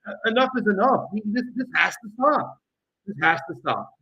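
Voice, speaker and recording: Male co-host, heated rapid rant, high voice, muffled recording. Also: big pitch swings, gravelly. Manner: heated, rapid, ranting delivery. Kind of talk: political commentary show.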